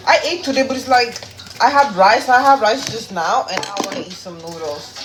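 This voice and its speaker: A woman with a fairly high voice speaks at a moderate pace, chatting casually with her phone viewers on a livestream while she cooks. She's blunt and swears freely. The room is echoey, with loud music playing behind her.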